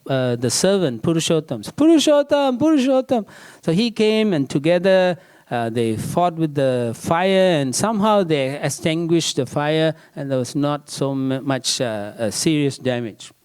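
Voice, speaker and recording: A man's voice: medium pitch, darkish tone, smooth. A man giving a scripture class in a temple, telling an anecdote with frequent fillers and tag questions. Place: temple hall.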